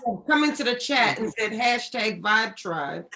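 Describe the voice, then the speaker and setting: A woman co-hosting a talk show, chiming in with short, lively remarks. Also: a little high, moderate pace, creaky. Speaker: co-host. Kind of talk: casual interview talk.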